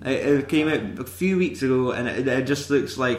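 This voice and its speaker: A man's voice: mid-range voice, moderate pace. A young Scottish man chatting casually about films as a podcast co-host, rambling and swearing freely as he tells stories. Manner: rambling, sweary, animated storytelling. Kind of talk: casual chat. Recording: roomy echo.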